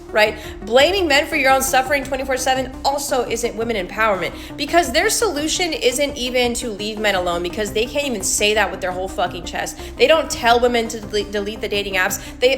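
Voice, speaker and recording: Blunt, cursing woman ranting over music. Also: on the high side. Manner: blunt, profane, emphatic. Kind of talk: social media rant.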